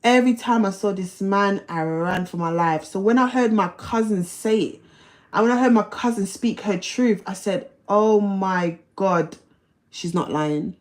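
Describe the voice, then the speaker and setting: At normal speed and medium pitch, a woman hosting a livestream relates a personal story. Her delivery is blunt and full of slang and cursing, and she often says things twice.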